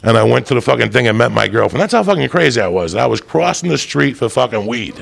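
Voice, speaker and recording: A man's voice: mid-range voice, sing-song, fast talker. A man telling a rambling, profane comic story, often laughing as he goes. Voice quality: gravelly.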